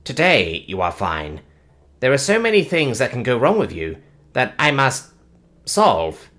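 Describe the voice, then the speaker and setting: A man's voice: medium pitch, huge pitch swings, measured pace, fairly bright tone. A man playing a stiff, formal robot. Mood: worried. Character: literal-minded caring robot alien.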